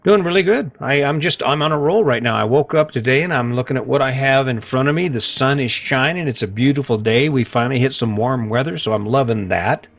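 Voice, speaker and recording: A man's voice: mid-range voice, fairly quick, hardly any pauses, dull audio. A man hosting a casual motivational podcast in a folksy, chatty way, often tagging his points with "right?". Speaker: podcast host. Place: lives in an RV.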